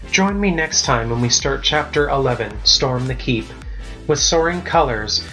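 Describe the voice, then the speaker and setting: A man's voice: medium pitch, bright, forceful tone, rough recording. Man reading his own storybook aloud. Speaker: author reading his novel. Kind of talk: storybook narration.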